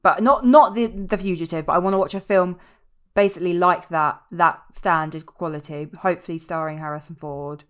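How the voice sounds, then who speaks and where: A woman co-hosting a podcast, bantering quickly and joking in casual chat, with the odd swear. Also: on the low side. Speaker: podcast co-host.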